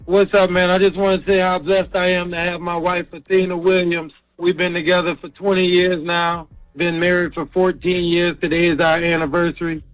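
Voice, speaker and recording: Proud, high-voiced caller from Texas. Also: male voice, level tone, moderate pace, hardly any pauses, clean tone, no echo, soft background music, rough recording. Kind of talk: radio call-in.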